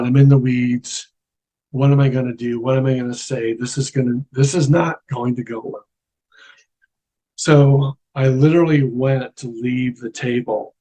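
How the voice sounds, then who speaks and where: A middle-aged man telling a personal spiritual story in a casual, animated way, acting out the voices he quotes. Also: medium pitch. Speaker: guest telling his near-death story.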